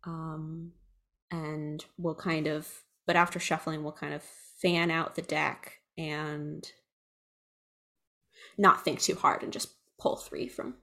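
A woman's voice: low-pitched, level tone, slow pace, creaky, a bit bright. A woman player in a tabletop role-playing game, casually describing what her character does.

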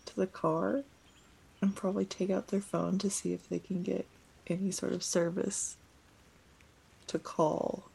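A woman player describing her character's actions, quiet and thoughtful. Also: mid-range voice, gravelly, a little hiss or hum. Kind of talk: casual tabletop play.

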